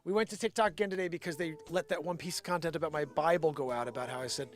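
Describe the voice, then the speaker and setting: A man hosting a live stream, chatting and ranting in an excitable, profane way. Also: a little high, rapid-fire. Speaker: live show host. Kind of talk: live stream chat and rant. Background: faint background music.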